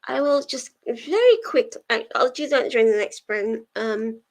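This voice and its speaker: Speaking at a moderate pace in a somewhat high voice, this young woman hosts reading sprints on a livestream. She chats loosely with her live audience, wandering off on tangents as she responds to their messages.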